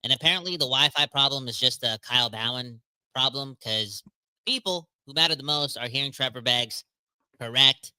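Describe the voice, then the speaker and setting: Male podcast co-host, energetic and slangy, very bright dry sound. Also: medium pitch, normal speed, clean tone, no room sound. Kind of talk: casual sports podcast chat.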